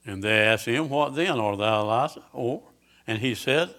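A man's voice: mid-range voice, fairly bright tone. A man preaching a sermon, reading scripture aloud with emphasis and asking his listeners direct questions. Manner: slow, emphatic scripture reading with rising intensity; asks the congregation direct questions.

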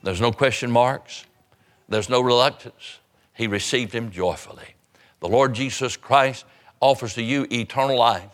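A man's voice: medium pitch, a little slow. A man preaching an evangelistic sermon, urgent and fervent, hammering home repeated phrases.

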